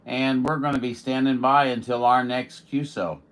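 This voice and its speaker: A man's voice: medium pitch, flat delivery, moderate pace, fairly bright tone, slight background noise. A man from Missouri, a radio operator chatting in a casual, folksy, joking way with other stations. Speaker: radio operator streaming contacts. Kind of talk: casual ham radio chat.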